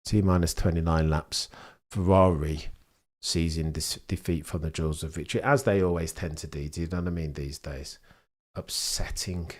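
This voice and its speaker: A man doing live race commentary for his chat, slangy and sarcastic, swinging between excitement and dejection. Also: rumbling low, moderate pace. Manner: exasperated, swings from animated to deflated. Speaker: streamer commentating a race watchalong.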